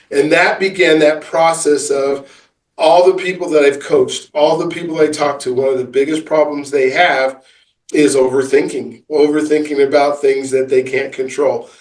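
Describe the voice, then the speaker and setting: A man, an author and business coach, answering interview questions in a halting storytelling way full of fillers and restarts. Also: a little high, fairly even intonation, echoey room, recorded from a distance, low-quality recording.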